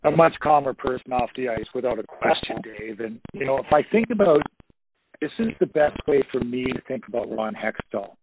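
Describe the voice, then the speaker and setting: A man's voice: mid-range voice, lively intonation, a little fast, background noise. A man in his fifties, a former hockey player, telling stories in an interview, rambling with lots of fillers over a phone line. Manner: rambling, many "you know" fillers, anecdotal. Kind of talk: casual storytelling interview.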